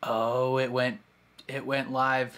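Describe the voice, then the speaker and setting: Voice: medium pitch, slow pace. A host reacting to a movie in casual commentary, chatting and speculating about the plot as it plays. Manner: lively, chatty running reactions to a film. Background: film soundtrack playing faintly.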